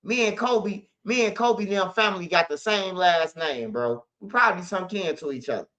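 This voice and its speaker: Bright-voiced man telling street stories. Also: sits high, moderate pace. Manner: streetwise slang, repeats "bro" often. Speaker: host. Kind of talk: casual storytelling monologue. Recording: slightly dull lo-fi audio.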